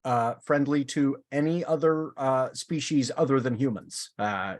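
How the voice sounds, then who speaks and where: Man, podcast host, casual chat, animated, lots of fillers and restarts, mid pitch. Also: measured pace.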